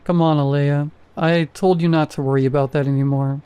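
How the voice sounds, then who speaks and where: A man voicing a calm husband in a spoken horror story, soft and reassuring. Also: fairly high pitch, brisk, clear, resonant tone, natural voice. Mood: gentle concern. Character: worried husband, gentle and soothing.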